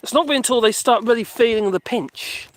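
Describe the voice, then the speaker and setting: A man's voice: very high-pitched, brisk. A man chatting casually and rambling through a live stream on a dog walk, reading out viewer comments and talking to his dogs. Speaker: vlogger reading live chat.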